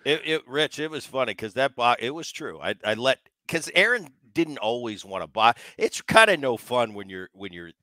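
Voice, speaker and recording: A man's voice: mid-range voice, a bit bright, no echo. A middle-aged man hosting a podcast, animatedly telling a childhood story and acting out what was said. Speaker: podcast host. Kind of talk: casual storytelling chat.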